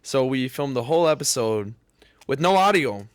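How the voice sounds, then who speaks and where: A man co-hosting a casual podcast, telling a childhood story in a loud, profane, animated way and laughing as he goes. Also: mid-range voice, normal speed, clean tone, dry recording. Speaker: podcast co-host.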